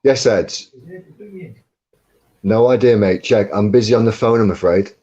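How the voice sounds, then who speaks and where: A man's voice: lowish voice, dark tone, highs cut off. A man co-hosting a casual live stream from home over a computer mic, joking and laughing as he chats. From England. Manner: jokey, laughs often, slow chatty delivery. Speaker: co-host.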